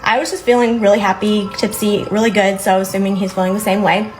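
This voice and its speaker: A woman's voice: medium pitch, flat delivery, quick pace, a little hiss or hum, poor audio. A young adult woman telling a story to her phone camera in a chatty, rambling way. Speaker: storyteller recounting a date.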